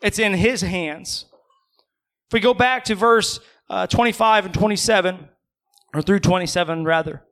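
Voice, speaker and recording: Male pastor, sermon in church: high and forceful, chatty and teasing with the congregation. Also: moderate pace. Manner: conversational, asks the congregation questions, joking asides.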